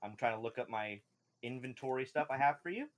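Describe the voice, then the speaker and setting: A man's voice: medium pitch, lively intonation, fairly quick. A man running a tabletop game as game master, narrating and ruling in a casual, rambling way with frequent laughs.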